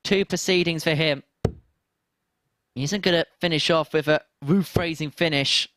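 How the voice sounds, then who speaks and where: A male darts commentator with a fairly high voice, recorded close and dry with no room sound. He calls the scores and finishes in steady play-by-play, with dry asides between throws. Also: moderate pace, dry recording. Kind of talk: live sports commentary.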